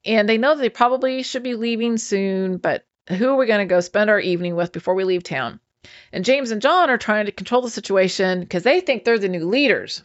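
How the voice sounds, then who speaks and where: A woman's voice: medium pitch, brisk, highs cut off. A woman casually recapping a show episode, chatty and enthusiastic, acting out the characters' lines as she retells them.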